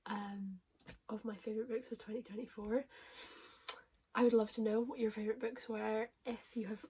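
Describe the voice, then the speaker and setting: A woman reviewing her favourite books in a casual vlog, gushing and emotional, often dropping into a soft whisper. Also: on the high side, flat delivery, moderate pace, heavy background noise. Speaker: book reviewer.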